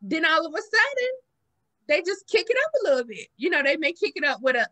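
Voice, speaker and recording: A woman with a Southern accent hosting a podcast, telling stories in casual chat and acting out the quotes. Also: brisk. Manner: animated storytelling, acts out quotes with big pitch jumps. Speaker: podcast host.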